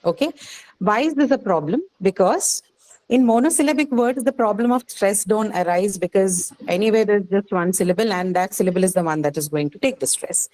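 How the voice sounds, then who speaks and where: A woman's voice: mid-range voice, a little fast, darkish tone, poor audio. A woman with an Indian English accent teaching phonetics in a classroom lecture, explaining step by step and checking understanding with frequent questions.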